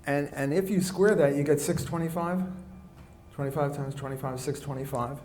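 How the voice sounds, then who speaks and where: Male economics lecturer, soft weak voice, a touch high; halting, rephrasing delivery, moving around the room with a pocket mic. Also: fairly even intonation, a little hiss or hum. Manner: halting, often restarts and rephrases mid-sentence; walks around the room while talking. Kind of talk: classroom lecture. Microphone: recorder clipped on, kept in pocket.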